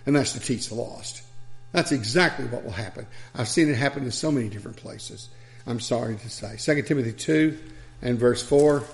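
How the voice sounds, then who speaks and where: A man's voice: mid-range voice, brisk, vocal fry. A man preacher delivering a sermon, telling stories with chuckles and asides.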